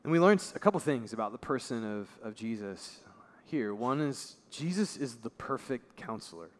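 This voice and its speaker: Guy preaching, chatty, goes quiet for the big points, big echoey church hall. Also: sing-song, normal speed. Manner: conversational preaching, voice drops low and soft for emphasis. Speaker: pastor. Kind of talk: sermon. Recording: long reverb of a large hall.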